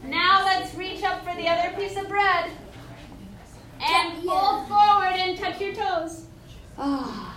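A woman's voice: very high voice, takes it slowly, long pauses, pushed and bright, a little hiss or hum. A young woman leading a children's yoga class as a story, coaxing and sing-song, heard from a distance in an echoey room. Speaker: kids' yoga teacher. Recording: echoey room, recorded from afar.

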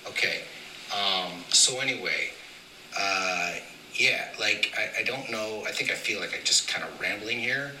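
A man's voice: deep voice, sharp tone. Rambling man on a roomy voicemail. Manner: rambling, swears casually. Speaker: voicemail caller. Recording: distant roomy voicemail with faint noise.

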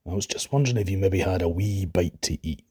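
A man doing a tired, pleading little trow from Shetland folklore in a storybook tale, with a husky, low Scottish voice that asks politely for food and a bed by the fire. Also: quick pace, warm tone. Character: weary wee male trow, a Shetland spirit.

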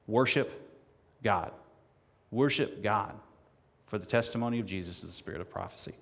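A man's voice: on the low side, fast, gravelly. Man preaching in a reverberant sanctuary. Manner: rising to loud emphatic reading of scripture. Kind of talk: sermon with scripture reading. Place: church sanctuary. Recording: long hall reverb.

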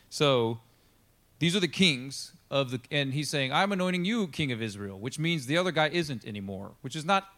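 A pastor telling a Bible story in a casual, chatty sermon. He is animated and acts out the characters in the story. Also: mid-range voice. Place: church.

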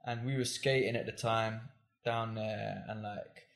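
A man's voice: fairly low pitch, steady tone, a little slow, vocal fry, a bit bright. Rambling man in a roomy room. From north London. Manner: rambling, hesitant, lots of fillers. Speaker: guest. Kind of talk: casual interview chat. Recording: roomy echo.

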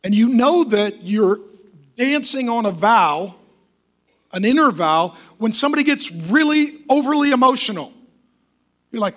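A man preaching a sermon as a pastor, emphatic and lively, often acting out the voices of the people he quotes. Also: extremely high pitch, unhurried.

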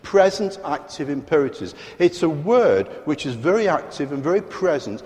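A man's voice: on the high side, expressive, moderate pace, darkish tone. A man with a British accent preaching a sermon, emphatic and fond of rhetorical questions to the congregation. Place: large church hall. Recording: long hall reverb.

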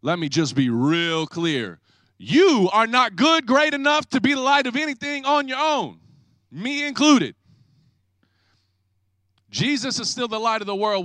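A man pastor preaching an energetic, joking sermon, acting out people's excuses. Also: high-pitched, normal speed, no echo.

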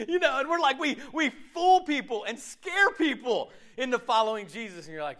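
A man preaching a sermon as pastor, in a conversational, animated way with frequent laughter. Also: high-pitched, moderate pace.

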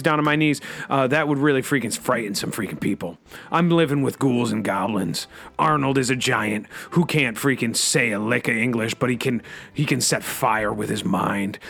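A man hosting a comedy radio show, delivering a rambling in-character monologue full of a repeated catchphrase, swinging between loud outbursts and low asides. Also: vocal fry. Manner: peppers every sentence with a repeated catchphrase.

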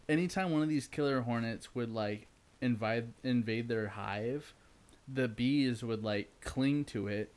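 A man's voice: mid-range voice, measured pace, darkish tone. A man hosting a casual chat with friends, rambling with lots of fillers and frequent laughs.

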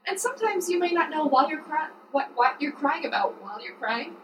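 High-voiced chatty woman, roomy sound. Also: expressive, a little fast, distant mic, noisy background. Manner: chatty, explanatory, laughs often. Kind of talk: casual conversational chat.

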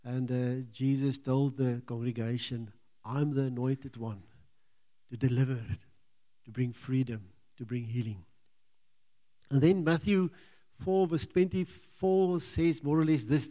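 Halting preacher, man with mellow voice. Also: mid-range voice, fairly even intonation. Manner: halting, repeats words, earnest. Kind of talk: sermon.

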